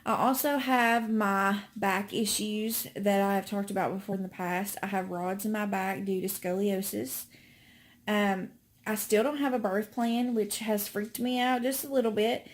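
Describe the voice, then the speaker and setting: A woman's voice: mid-range voice, steady tone, unhurried. Chatty pregnant woman vlogging. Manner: chatty, many fillers and restarts. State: out of breath. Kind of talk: casual pregnancy update.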